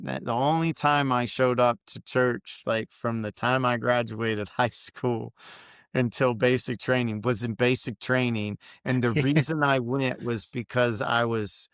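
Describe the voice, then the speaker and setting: A man's voice: mid-range voice, a bit bright, clear, resonant tone, no room sound, studio quality. A man, a veteran guest on a podcast, talking candidly and bluntly with frequent swearing.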